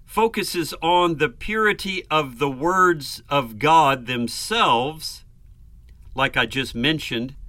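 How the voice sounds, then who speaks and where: A man's voice: fairly high pitch, pushed and bright, no echo. A man preaching a sermon, earnest and emphatic, building lists and rhetorical questions.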